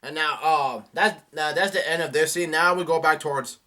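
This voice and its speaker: A man's voice: on the high side, sharp tone. A man reading a comic aloud and commenting on it, with frequent fillers and restarts. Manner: reads aloud haltingly with many fillers and restarts. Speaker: manga reaction host.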